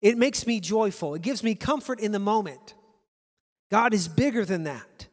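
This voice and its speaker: A man's voice: high voice, expressive, normal speed, in a large hall. A male pastor preaching a sermon to his congregation, earnest and repeating key phrases for emphasis.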